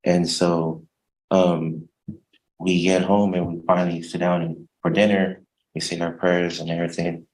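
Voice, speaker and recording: A man testifying as a defendant in court, hesitant and soft-spoken, halting over his words. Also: sits low, flat delivery, poor audio.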